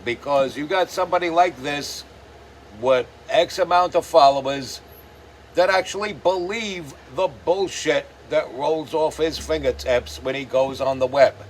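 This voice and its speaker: A man's voice: mid-range voice, measured pace, slight background noise. A man hosting his own show, delivering a profane, sarcastic ranting commentary. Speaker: host.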